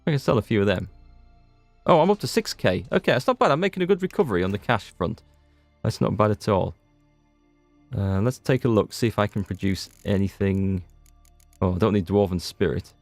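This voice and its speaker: With faint game music in the background and no room sound, a Northern Irish gaming streamer gives chatty, meandering commentary, frequently breaking off mid-thought. His lowish voice is gravelly and expressive, and he talks a little fast.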